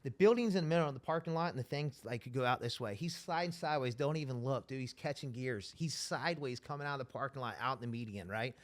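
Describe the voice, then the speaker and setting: Male interview guest, mid-pitched, profane, rambling storyteller; casual street-talk delivery. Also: animated, fast talker, few pauses.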